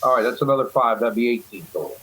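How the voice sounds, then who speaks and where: A man's voice: mid-range voice, lively intonation, fast, a bit bright, breathy edge, poor audio. A man playing in a tabletop game, joking casually and reading out his dice results. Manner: easygoing and joking, reading out rolls. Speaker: player.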